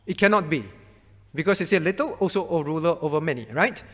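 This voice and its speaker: A man's voice: a little high, fast talker, fairly bright tone, long reverb tail. A man as pastor teaching a Bible class, quizzing his students by name and hammering home his point through repetition.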